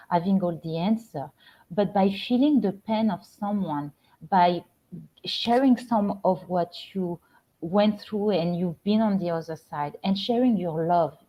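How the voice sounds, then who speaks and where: A middle-aged woman with a French accent, a spiritual coach hosting a casual live stream from home, talking gently with many halting restarts. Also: on the low side. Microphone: computer or phone camera on a live stream. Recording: slightly dull lo-fi stream audio.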